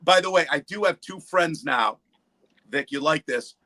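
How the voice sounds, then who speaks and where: A man's voice: on the high side, normal speed, no echo, rough recording. A man telling stories in casual chat on a livestream, acting out what people said, swearing freely. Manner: animated storyteller, acts out quotes, profane. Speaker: livestream panelist. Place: home in the East Coast.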